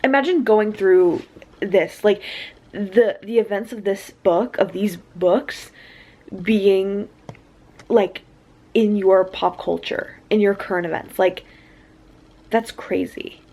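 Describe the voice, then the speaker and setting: Young woman gushing about a book on camera, flustered, says like a lot, mid pitch. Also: slow, long pauses, warm tone. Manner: gushing and flustered, heavy use of "like". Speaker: book vlogger. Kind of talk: excited casual book chat. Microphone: camera mic.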